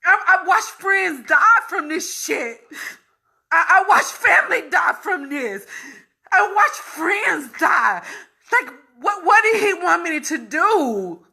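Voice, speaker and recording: A woman speaking a raw personal testimony, repeating herself and breaking between tears, laughter and shouts of frustration. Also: extremely high pitch, big pitch swings, slow, creaky. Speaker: vlogger sharing her illness story.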